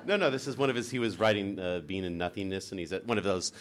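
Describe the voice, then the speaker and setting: A man's voice: deep voice, fast. A man co-hosting a Catholic talk show, teaching in a chatty way and laughing easily as he tells stories. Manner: chatty storyteller, laughs easily, frequent "right?".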